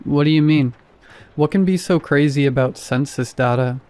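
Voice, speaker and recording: Guy reading a curious grown-up sister in a horror story, asks practical questions, mellow low-ish voice. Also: normal speed, natural voice. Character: curious adult woman, narrator's sister.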